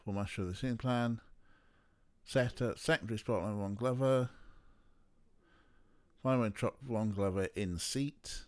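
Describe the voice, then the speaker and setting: A young man with a fairly low voice talks through a game stream. He rambles casually, throwing in playful little asides as he goes. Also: unhurried, long pauses, a little mellow. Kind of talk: casual let's play chat.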